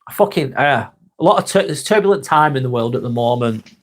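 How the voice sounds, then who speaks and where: A man's voice: medium pitch, expressive, fairly quick, slight background noise. A man with a Lancashire accent hosting a casual live vlog, talking bluntly, swearing freely and calling people mate. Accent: Lancashire English. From North West England. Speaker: live vlog host reading chat. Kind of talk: casual live-stream chat.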